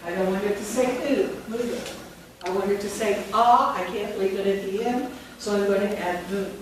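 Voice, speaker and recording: A woman leading a phonics workshop for teachers, slowly dictating words and sounding each one out. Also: medium pitch, steady tone. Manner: slow, deliberate, sounds words out. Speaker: teacher trainer. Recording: echoey, distant, noisy room recording.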